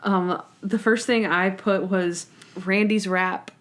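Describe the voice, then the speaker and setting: A young woman co-hosting a podcast, chatting casually, laughing often and acting out scenes in quick put-on voices. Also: medium pitch, steady tone, a bit bright. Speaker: podcast co-host. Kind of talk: casual chat.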